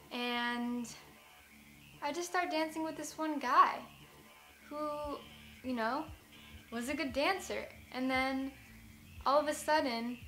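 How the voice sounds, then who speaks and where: A woman's voice: high voice, a bit bright. Chatty young American woman rambling. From United States. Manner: chatty and rambling, full of "like", self-mocking. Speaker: vlogger. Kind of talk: casual storytelling vlog.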